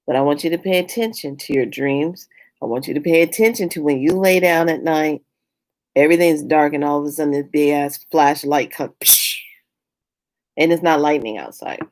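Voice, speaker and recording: Outspoken woman vlogger with a lowish voice, chatting straight to camera. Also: moderate pace. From California. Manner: animated, outspoken, jumps up in pitch when worked up. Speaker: spiritual vlogger. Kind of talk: casual chat to camera.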